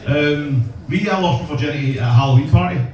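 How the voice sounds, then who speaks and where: A fast-talking Scottish man with a higher voice performs a crude, self-deprecating stand-up set in a comedy club, bantering with the audience. The lo-fi recording is loud and noisy, picked up from a distance in an echoey club.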